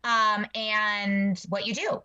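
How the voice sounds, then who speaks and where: A woman's voice: mid-range voice, flat delivery, slow pace, lo-fi sound, crowd noise. A woman co-hosting an interview podcast, effusive and rambling, full of asides, speaking over a video call. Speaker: podcast co-host. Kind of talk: casual interview chat.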